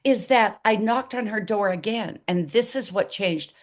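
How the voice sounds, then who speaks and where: An older woman as an interview guest, telling her story in an animated way and acting out the dialogue. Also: mid-range voice, unhurried.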